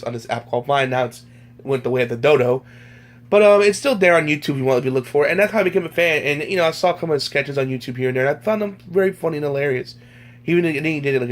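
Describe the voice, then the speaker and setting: A young man talking casually to his viewers in a rambling vlog, full of restarts and fillers. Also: mid-range voice. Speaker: YouTuber.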